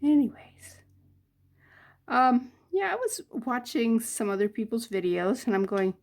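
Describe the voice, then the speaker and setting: A woman's voice: medium pitch, lively intonation, a little slow, pauses often, darkish tone. An older woman chatting casually as she works on jewelry, muttering to herself between remarks. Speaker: jewelry crafter. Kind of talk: casual crafting chat.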